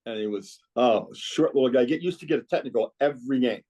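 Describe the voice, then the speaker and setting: A man's voice: medium pitch, fast, darkish tone, slightly rough. Man reminiscing about coaching. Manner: rambling, reminiscing storyteller. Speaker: guest, former girls' club basketball coach. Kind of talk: casual podcast conversation.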